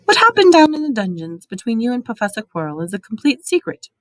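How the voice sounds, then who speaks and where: Woman voicing a calm kindly old headmaster. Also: on the high side, fast, a little hiss or hum, pitched above the performer's own voice. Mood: gentle. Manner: gentle, soothing, formal.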